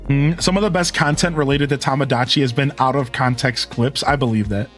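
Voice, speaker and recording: A man's voice: medium pitch, brisk, fairly bright tone, faint music behind. A man streaming live, chatting in a rambling, casual way and answering his chat.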